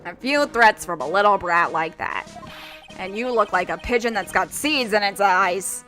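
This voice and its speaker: A woman's voice: mid-range voice, moderate pace, fairly bright tone, soft background music, natural voice. A woman voicing a grumpy, insulting old man, reading game dialogue with scorn. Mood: scornful.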